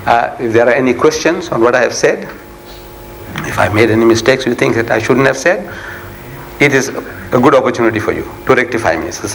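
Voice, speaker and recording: A man's voice: wildly swooping pitch, fairly quick, a bit bright, a little hiss or hum, poor audio. An older man from South Africa giving a religious lecture to an audience, impassioned and full of rhetorical questions. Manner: impassioned, rhetorical questions, rising to high emphatic peaks. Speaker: Islamic preacher.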